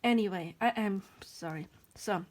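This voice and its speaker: A woman's voice: medium pitch, normal speed, slight background noise. A woman giving a pick-a-card tarot reading on her channel. She rambles, apologizes often, talks about spiritual ideas and drops to a whisper now and then.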